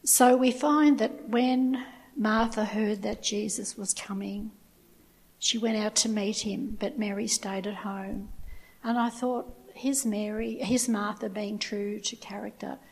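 A woman's voice: medium pitch, steady tone, slow pace, vocal fry, a little mellow, breathy edge, rough recording. A woman teaching from the Bible in a conversational way, retelling the story and adding her own asides. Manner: retells scripture with personal asides.

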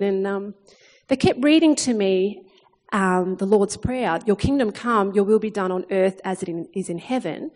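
A woman in her thirties preaching a sermon in a chatty, animated way, acting out the lines she quotes. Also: mid-range voice, brisk. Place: church hall, long reverb. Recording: reverberant hall sound.

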